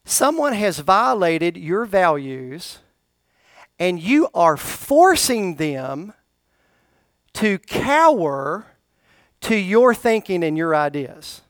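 A man's voice: high-pitched, sing-song, very slow, no echo, clean studio sound. A pastor preaching to his congregation during a church service, often asking them to answer back. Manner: call-and-response preaching, questions to the congregation. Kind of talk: sermon.

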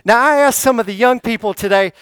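High, smooth-voiced preacher man. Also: brisk, fairly bright tone, no room sound, clean studio sound. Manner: call-and-response preaching, questions to the congregation. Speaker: pastor. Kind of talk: sermon. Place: church service.

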